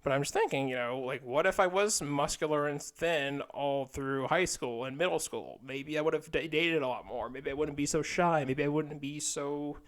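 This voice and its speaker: A young man rambles to his viewers in a loose, self-deprecating monologue, his voice sitting a little on the high side. He keeps restarting his sentences, leans on fillers, and swears in a casual way. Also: normal speed, few pauses. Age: young adult. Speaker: vlogger.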